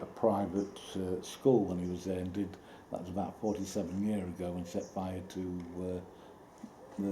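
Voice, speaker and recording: A man telling a rambling personal story in a halting way, with restarts and sudden outbursts. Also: deep voice. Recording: roomy echo with loud background noise.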